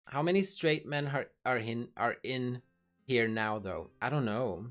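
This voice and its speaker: A woman's voice: a bass voice, a little slow. A woman livestreamer in casual chat, talking frankly to her viewers and swearing freely, with faint music behind her.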